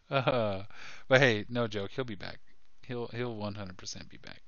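A man co-hosting a casual sports podcast, excitable and quick to laugh, often restarting his sentences. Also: on the low side, no echo, muffled recording. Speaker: podcast co-host.

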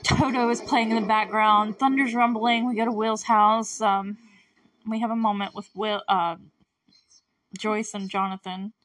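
A woman's voice: medium pitch, fairly even intonation, measured pace, fairly bright tone, no room sound, distant mic. A woman hosting a casual solo podcast, chatty and effusive, laughing often as she recaps a show. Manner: chatty and effusive, laughs often, quotes characters in brief put-on voices.

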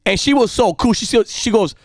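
A man telling a rambling personal story in a casual way. He repeats himself and gets louder and more heated as the story builds. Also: high-pitched, brisk, no echo, studio quality. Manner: rambling, animated, repeats himself, heats up when recounting anger.

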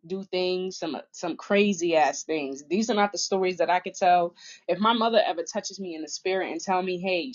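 A woman speaking candidly and bluntly in a personal vlog, getting emotional as she talks about family and moving on. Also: fairly low pitch. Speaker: vlogger. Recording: dull lo-fi audio.

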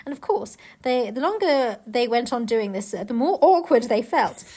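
A woman's voice: on the high side, lively intonation, normal speed, warm tone, breathy edge. A woman co-hosting a podcast, reading a book aloud in a casual way with joking asides and laughs. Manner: laughing, joking asides between read passages.

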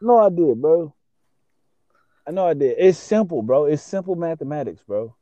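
Rambling, excitable young man with a dull lo-fi sound. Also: fairly high pitch, moderate pace, no echo. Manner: excitable, slangy, profane, constant fillers. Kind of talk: casual chat.

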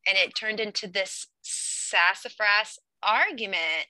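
A woman's voice: mid-range voice, sharp tone, dry recording, low-quality recording. A woman and mother talking candidly about parenting, venting with frequent laughs. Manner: candid, laughs often, quick to vent. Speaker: mother of daughters. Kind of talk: casual chat.

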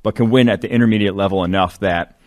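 Deep-voiced man analyzing football prospects. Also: steady tone, fast talker, darkish tone. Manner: rambling, filler-heavy analysis. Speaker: co-host. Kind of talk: casual sports podcast chat.

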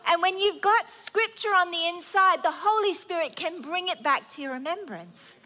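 A woman in her fifties preaching a sermon, earnest and animated, acting out prayers and worries aloud. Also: very high voice, moderate pace.

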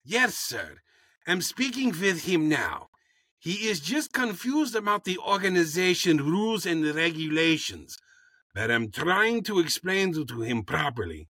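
A man's voice: fairly high pitch, big pitch swings, unhurried, sharp tone, no room sound, studio quality, exaggerated voice. A man voicing a dutiful male recruiter who answers his boss in an earnest, deferential tone.

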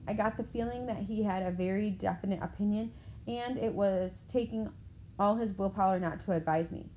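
A woman reading a first-person novel aloud in a steady, plain storytelling manner. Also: medium pitch, normal speed, a little hiss or hum, poor audio. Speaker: audiobook narrator.

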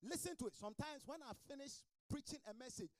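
A man's voice: very high-pitched, fast, no echo. A man pastor preaching a fervent sermon in a small church, calling out to members of his congregation by name.

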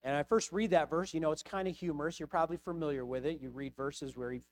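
A man's voice: on the high side, fast talker. Earnest man preaching a personal sermon. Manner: hesitant, repeats words, builds to impassioned pleading. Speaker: pastor.

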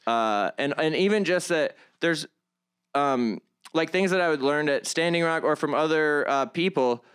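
A young man with a smooth, clean voice speaks as a guest in a relaxed interview. He talks earnestly, stumbling and restarting as he works through his thoughts, and leans on a lot of fillers along the way. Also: fairly high pitch, normal speed. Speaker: guest, comedian and activist vlogger. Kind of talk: conversational interview.

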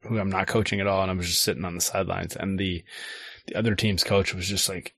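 Rambling middle-aged dad, dry close sound. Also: male voice, sits low, fairly even intonation, fast talker, creaky, fairly bright tone, no echo. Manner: rambling, full of "like" and restarts. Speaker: youth soccer coach and podcast co-host. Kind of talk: casual chat.

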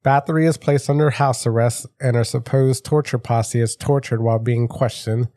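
Mellow-voiced man telling history casually. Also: medium pitch, fairly even intonation, moderate pace, dry recording, clean studio sound. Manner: reads history notes with offhand jokes. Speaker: podcast host. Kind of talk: casual podcast storytelling.

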